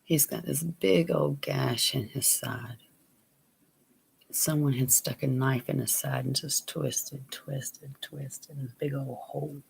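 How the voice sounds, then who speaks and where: A man telling a personal story on his vlog, plain and unhurried, sometimes dropping to a near whisper. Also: medium pitch, steady tone, vocal fry, slight background noise. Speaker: vlogger.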